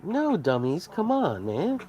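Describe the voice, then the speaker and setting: Podcast host guy ranting, lots of swearing, rambly, kinda high voice. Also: huge pitch swings, slow, mellow, muffled recording. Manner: profane, rambling, heated. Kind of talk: casual rant.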